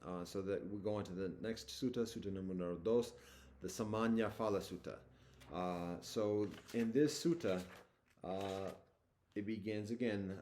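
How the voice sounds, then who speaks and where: A man with a lowish voice walks listeners through a scripture. He reads passages in a formal tone, then retells them casually and hesitantly, full of fillers and restarts. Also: moderate pace, a little mellow, slight background noise. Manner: alternates formal scripture reading with loose slangy retelling. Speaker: teacher walking through a scripture. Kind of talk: casual reading and explanation of a sacred text.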